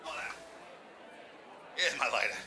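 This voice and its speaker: A man's voice: mid-range voice, lively intonation, a little slow, crowd noise, background noise. A man telling a crude, rambling comic story as an old lounge comedian, laughing through his own jokes. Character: lounge comedian claiming eighty-five years.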